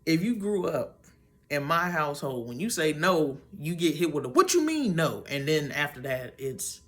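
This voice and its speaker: A young woman vlogger telling a story about a dream in a chatty, animated way, with many fillers and restarts. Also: deep voice, moderate pace. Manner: acts out her own and others' lines in quotes.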